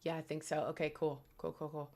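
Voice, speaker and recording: A woman's voice: low-pitched, completely flat delivery, a little fast, a little mellow. Young woman streamer, casual chat, earnest and rambling, home setup. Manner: earnest, grateful, rambling with fillers.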